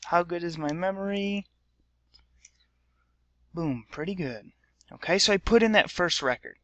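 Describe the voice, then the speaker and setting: A male high school teacher talks his students through a recorded computer lesson with a bright, forceful voice pitched a little high. He sounds dry and close to the mic, upbeat, and keeps checking in with "okay?". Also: animated, measured pace, no room sound, muffled recording. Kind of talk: recorded lesson for a substitute class.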